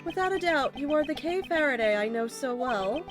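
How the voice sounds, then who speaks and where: A woman's voice: high-pitched, animated, normal speed. A woman reading a stern, formal detective's game lines aloud with a stiff, lecturing manner, lofi music behind her.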